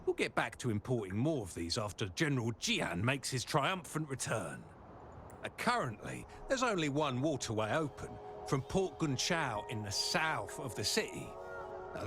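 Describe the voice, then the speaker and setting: A methodical male quartermaster from a video game, explaining supply matters with lively pitch. His lecturing tone runs long and orderly. Game music plays clearly underneath. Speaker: game character.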